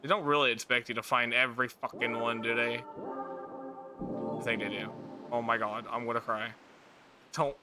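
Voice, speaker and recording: A man's voice: medium pitch, little pitch movement, moderate pace, pauses often. A man giving let's play commentary on a video game, exasperated and swearing often. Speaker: gaming video creator. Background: game music.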